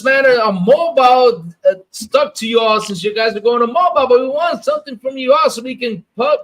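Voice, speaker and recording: A man with a high voice hosts a gaming livestream and talks with a lot of emphasis. He repeats his phrases, builds them up and pushes each point hard. His delivery is loose and conversational. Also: fairly bright tone. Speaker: gaming show host. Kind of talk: casual livestream commentary. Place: lives in the Dominican Republic.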